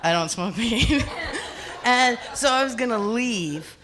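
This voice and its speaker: A woman doing a stand-up comedy set on a club stage, telling an animated story and acting out other people's voices. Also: fairly high pitch, unhurried. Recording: noisy live recording.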